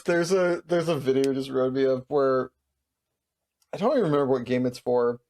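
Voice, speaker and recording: A man with a gravelly, fry-laden voice at a middling pitch, talking casually as a podcast co-host. He is relaxed and profane and laughs easily. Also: normal speed. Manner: laid-back, profane, laughs often. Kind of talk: casual chat.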